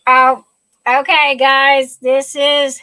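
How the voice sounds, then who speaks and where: Woman, tearful, gushing, high-pitched, dry close sound. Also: little pitch movement, drawn-out words, sharp tone, dry recording, poor audio. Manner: effusive, gushing, talks through tears. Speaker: livestream host. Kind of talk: casual live chat.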